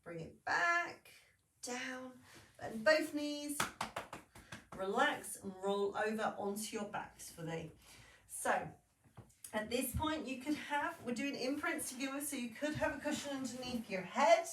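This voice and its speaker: A woman leading a Pilates class, giving calm, steady cues and counting through each exercise. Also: high-pitched, unhurried, a little hiss or hum. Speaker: Pilates instructor. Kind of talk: guided exercise class instruction. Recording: echoey room, voice from a distance.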